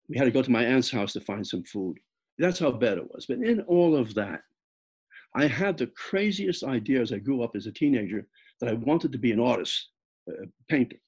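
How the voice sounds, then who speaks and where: Here the storytelling author from the Bronx, New York, is again reflective, with frequent halts and repeated words as he recounts his own experiences. The older man's medium-pitched voice is husky and a little mellow.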